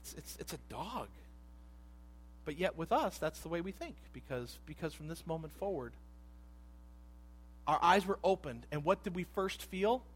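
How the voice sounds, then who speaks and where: A man in his thirties preaching a sermon with a fairly high voice for a man. He talks in a conversational, animated way, slipping into quiet asides and then building back up to loud emphasis. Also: moderate pace, husky. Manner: animated, acts out voices in quotes, swings between hushed asides and loud emphasis. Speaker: pastor.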